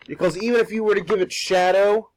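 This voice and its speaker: Rambling young man, fairly high voice. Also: steady tone, fast talker, a little mellow, no echo, rough recording. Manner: rambling, repeats words, swears casually. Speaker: art streamer. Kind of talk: casual talk while drawing.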